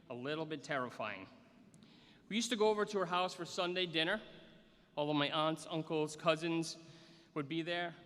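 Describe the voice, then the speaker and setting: A man's voice: a little high, pushed and bright, in a large hall. A man, a school superintendent, giving a commencement speech outdoors and telling a story with self-deprecating humor. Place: outdoor graduation on a school field.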